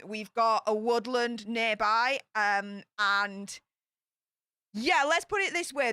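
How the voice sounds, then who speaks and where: A woman's voice: mid-range voice, sharp tone, clear, resonant tone, no echo, clean studio sound. A woman with a Yorkshire accent hosting a livestream, chatting casually and greeting viewers one by one in a bubbly, chatty way. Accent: Yorkshire English. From Yorkshire, England. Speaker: YouTube livestream host.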